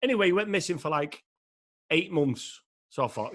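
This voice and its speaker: A man with a fairly high voice chats on a podcast. He tells his story in an animated, laughing way and swears freely. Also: moderate pace. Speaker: podcast co-host. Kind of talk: casual chat, storytelling.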